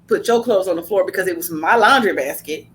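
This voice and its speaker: A woman hosting a casual podcast chat, telling blunt, animated stories laced with slang. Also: fairly low pitch, a little fast, a little hiss or hum. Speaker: podcast host.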